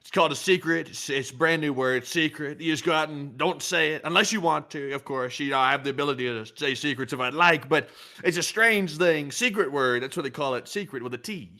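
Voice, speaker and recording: A man's voice: fairly high pitch, a little fast, pushed and bright, voice pushed up. A man doing a boastful, self-satisfied impression of a president, rambling and repeating himself. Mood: smug.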